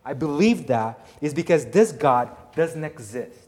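A man preaching a sermon, emphatic, swinging between loud declarations and hushed asides. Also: on the high side, animated, measured pace. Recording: long hall reverb.

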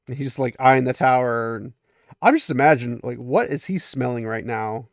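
A gravelly, mid-range male voice at a normal pace, recorded in a clean studio with no echo. He's a book recap host casually going over a fantasy novel, chatty and amused, laughing at the story and lightly voicing the characters.

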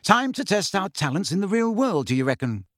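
A man's voice: high voice, very animated, brisk, a bit bright, no room sound, clean studio sound, pitched above the performer's own voice. A man voicing a cheeky, fearless teenage boy who speaks in a bold, jaunty way.

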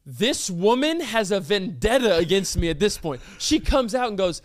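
A young man telling a story in casual chat, animated and incredulous, dropping into a low flat tone when he quotes someone. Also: moderate pace, no room sound.

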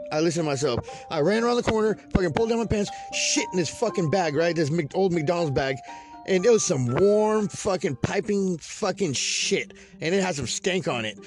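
A man from California's Central Valley with a high voice tells a rambling story packed with swearing. He laughs at his own tale as he goes. Faint music plays under him. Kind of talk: casual profane storytelling monologue.

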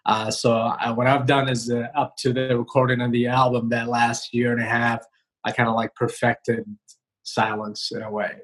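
A male comedian talking casually in an interview over a video call, relaxed and rambling with many fillers and restarts. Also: medium pitch, moderate pace, breathy edge, rough recording. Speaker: comedian guest. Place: home, remote video call.

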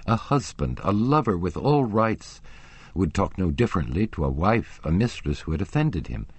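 A man reads a classic novel aloud in a measured, expressive way. His voice is very low and husky, and his pitch moves widely. The recording is close and dry. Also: no room sound. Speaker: narrator. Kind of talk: audiobook reading of a classic novel.

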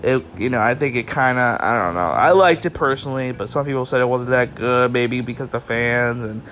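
A man's voice: mid-range voice, brisk, fairly bright tone, a little hiss or hum. A man hosting a solo podcast, talking casually and rambling to his listeners, sounding tired and yawning, with some swearing. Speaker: podcast host. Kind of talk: solo wrestling review podcast.

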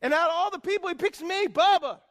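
A man preaching a sermon, telling stories excitedly and swinging from soft talk to shouts. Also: very high voice, fast. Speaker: pastor.

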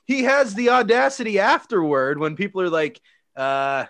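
A man's voice: sits high, moderate pace, a bit bright. A man co-hosting a casual podcast, telling stories with a joking, teasing manner. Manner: joking storyteller, acts out quotes. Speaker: podcast co-host. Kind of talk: casual chat.

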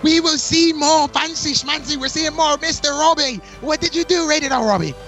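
A man's voice: extremely high pitch, normal speed, sharp tone, soft background music. A man hosting a casual wrestling awards chat, playful and exaggerated, swearing freely. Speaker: podcast host giving awards.

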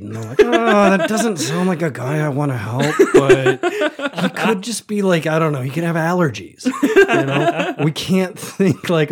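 A man co-hosting a tabletop gaming podcast, pitching ideas as an animated storyteller who swears casually. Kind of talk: casual chat about tabletop game ideas.

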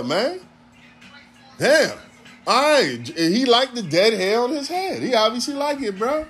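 A man's voice: high voice, sing-song, unhurried, pauses often, a bit bright, a little hiss or hum. A man in his forties from Ohio, hosting a casual monologue in a profane, rambling way with a preacher-like cadence. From Ohio, USA. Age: 40s. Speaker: podcast host.

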